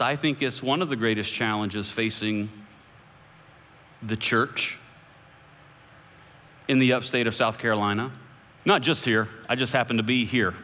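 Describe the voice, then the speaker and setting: Male pastor, talky sermon delivery, sharp ringing tone in a big reverberant sanctuary. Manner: conversational preaching that climbs high when voicing others' views. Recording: long echoing hall reverb.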